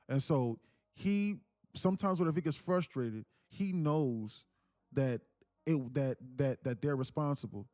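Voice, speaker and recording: A man's voice: on the high side, lively intonation, unhurried, a little mellow, dry recording, clean studio sound. A man hosting a trading livestream, telling a personal story casually, emphatic and repetitive with many restarts.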